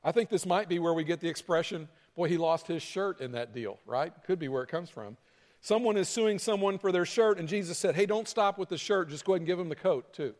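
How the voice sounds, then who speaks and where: A man with a high voice preaches in a casual, conversational way. Now and then he acts out a heated argument to make his point. The sound carries a long reverb from a large church hall. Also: expressive, a little fast, darkish tone. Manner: conversational preaching, acting out angry quarrels with rising pitch. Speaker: pastor. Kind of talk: sermon.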